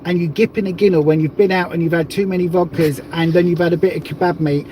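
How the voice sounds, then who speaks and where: A man's voice: a little high, fairly even intonation, quick pace, dark tone, slight background noise. A man from the south of England hosting a casual livestream, chatty and rambling with plenty of jokes. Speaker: livestream host.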